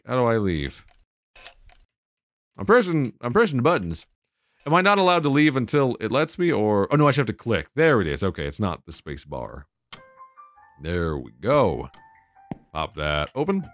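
A man's voice: medium pitch, fairly bright tone. A man commenting on a horror video game as he plays, swearing a lot and getting easily flustered. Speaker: gamer. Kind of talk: let's play commentary.

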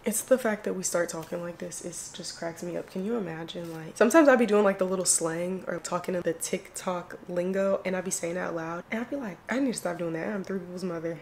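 A woman's voice: lowish voice, quick pace, hardly any pauses, background noise. A young woman chatting casually to the camera as a beauty vlogger, loose and slangy, full of "like" and "y'all". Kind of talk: casual get-ready-with-me chat.

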